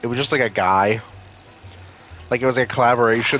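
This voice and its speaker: Fairly even in intonation, a little fast and a bit bright, a man's mid-range voice fills casual live-stream chatter while he games. He rambles, cracks jokes and uses "like" a lot, with faint music behind a low-quality recording.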